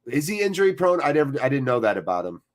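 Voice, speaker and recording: A man hosting a live football watchalong, mid-pitched and quick to get excited. He mixes play-by-play commentary with jokes and chatty replies to viewers, talking from a cold room attached to his house.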